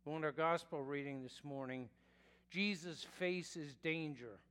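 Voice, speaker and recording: A male pastor preaching a sermon in a slow, deliberate way, sometimes correcting himself mid-phrase. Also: fairly high pitch, a bit bright, smooth. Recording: long reverb of a church hall.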